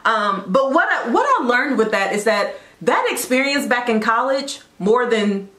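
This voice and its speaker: A woman's voice: fairly high pitch, expressive, measured pace, fairly bright tone, reverberant. A woman in her late thirties hosting a faith talk show, chatty and encouraging, with side notes as she goes. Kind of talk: casual devotional talk.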